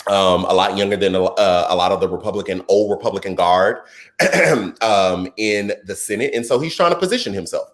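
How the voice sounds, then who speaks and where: A fairly low-voiced man hosts a live stream from home, reading out viewers' comments and offering casual political commentary. He talks in an animated, excitable way, often jumping up into a much higher voice. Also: a little fast. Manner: animated, excitable, jumps into high voice.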